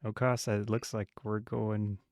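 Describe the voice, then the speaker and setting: A man's voice: fairly low pitch, little pitch movement, moderate pace, darkish tone, dry recording, studio quality. A man playing in a tabletop game, talking in character in a hesitant way with many fillers. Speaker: player. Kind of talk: casual tabletop game chat.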